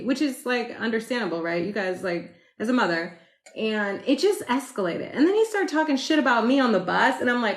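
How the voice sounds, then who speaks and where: A woman hosting a casual astrology live stream, loud and chatty, laughing often as she tells stories and answers viewers. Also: fairly high pitch, lively intonation, fairly quick. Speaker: astrology livestream host. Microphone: phone. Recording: roomy echo.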